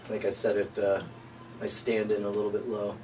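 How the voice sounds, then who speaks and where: A man chatting casually on set, relaxed and joking as he thinks aloud. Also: on the low side, a little fast, far from the mic, a little hiss or hum. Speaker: comedic performer. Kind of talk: casual behind-the-scenes chat.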